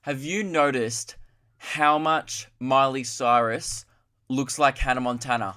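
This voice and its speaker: Rambling young comedian. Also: male voice, on the high side, expressive, measured pace, pushed and bright. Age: 20s. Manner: rambling, self-mocking, puts on voices for impressions. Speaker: podcast host. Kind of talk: solo comedy podcast monologue.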